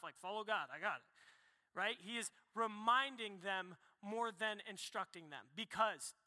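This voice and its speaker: A young man preaching a sermon, casual and animated, full of quick asides. His voice sits high and sounds bright and sharp. The recording carries the long echo of a large hall. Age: young adult. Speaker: pastor. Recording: echoey hall reverb.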